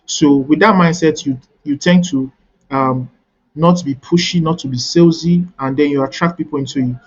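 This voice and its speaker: Instructive male coach, husky voice. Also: fairly high pitch, moderate pace, dull audio. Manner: instructive, repeats key points with "right?". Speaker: networking coach. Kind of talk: webinar teaching.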